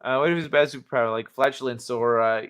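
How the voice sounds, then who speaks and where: A man's voice: mid-range voice, fairly even intonation, fast, a bit bright, smooth. A man hosting a casual livestream chat from the United States, rambling and laughing as he reads chat aloud. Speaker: livestream host.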